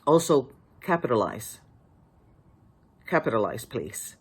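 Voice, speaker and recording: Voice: medium pitch, very animated, takes it slowly, breathy edge. An author giving casual writing advice to the camera, emphatic and pleading, often restarting sentences.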